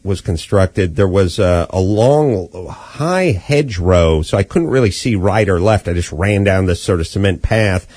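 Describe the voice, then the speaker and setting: A man's voice: sits low, unhurried, hardly any pauses, darkish tone, no room sound. A middle-aged man hosting a podcast, telling a casual story in a wry, profane way and acting out the voices of the people in it. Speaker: podcast host.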